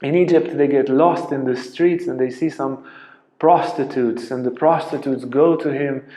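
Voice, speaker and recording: A man's voice: medium pitch, fairly even intonation, moderate pace. Earnest male spiritual teacher, roomy echo. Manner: earnest storyteller, drops to a soft hush at tender moments. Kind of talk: spiritual lecture, storytelling. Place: ashram lecture room. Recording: roomy, echoey lecture room.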